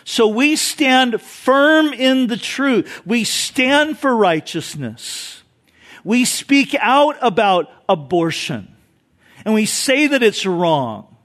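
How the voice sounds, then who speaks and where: A man's voice: very high-pitched, very animated, slow pace, a bit bright. A male pastor preaching a sermon emphatically, with rhetorical questions and repeated phrases.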